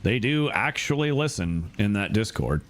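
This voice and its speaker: A young man rambles casually while streaming a game, circling back on himself. His pitch is lively and animated, and a faint noise sits underneath. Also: normal speed. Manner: rambling, many fillers and restarts. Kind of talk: casual gaming commentary.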